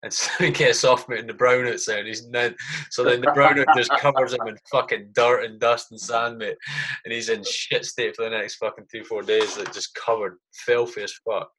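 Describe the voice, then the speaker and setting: A man's voice: medium pitch, fairly even intonation, moderate pace, bright, forceful tone, a little hiss or hum. A man, a soldier, casually telling stories in a podcast chat, swearing constantly and saying mate a lot.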